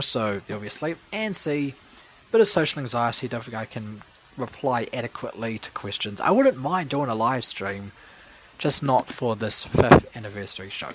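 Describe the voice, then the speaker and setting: A man's voice: mid-range voice, a bit bright, a little hiss or hum, low-quality recording. A man giving a casual, rambling spoken retrospective, sarcastic and crude, full of fillers and self-corrections. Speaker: video maker recapping a call-in show.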